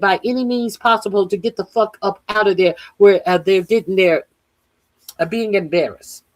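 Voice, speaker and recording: A woman hosting political commentary, talking off the cuff with many fillers and blunt, profane remarks. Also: on the high side.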